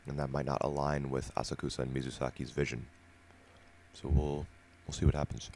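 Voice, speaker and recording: This American podcast co-host has a strikingly deep, gravelly voice and talks at a brisk clip while explaining his opinions at length in a laid-back manner. A faint hiss or hum sits under the audio.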